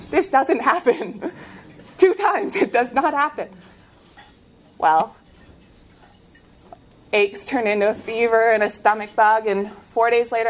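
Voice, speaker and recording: A young woman from the United States giving an inspirational talk, telling her story in an animated way with laughs. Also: a little high, slight background noise. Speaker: speaker sharing a faith testimony.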